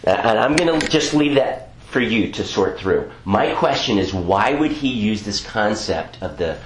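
A man with a fairly low voice delivers a teaching sermon, talking conversationally and correcting himself as he goes. The room rings around him with a faint hum of ambience underneath. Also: expressive, unhurried, roomy sound. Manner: conversational, frequent asides and self-corrections. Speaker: preacher.

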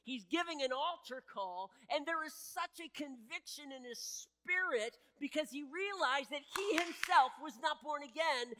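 A man delivering a sermon with a bright, forceful voice that builds in earnest intensity. He often stops and restarts his sentences. The sound carries a long reverb from a large hall. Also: very high voice. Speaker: pastor.

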